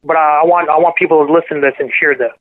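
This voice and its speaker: A man's voice: fairly high pitch, fairly even intonation. Man telling a hard story over a phone line. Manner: halting, self-correcting, earnest. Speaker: podcast guest. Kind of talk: emotional personal storytelling.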